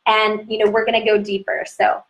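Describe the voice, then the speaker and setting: A woman teaching an online lesson in a chatty, gentle way, slowly listing terms one at a time. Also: mid-range voice, completely flat delivery, rough recording. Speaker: calendar teacher.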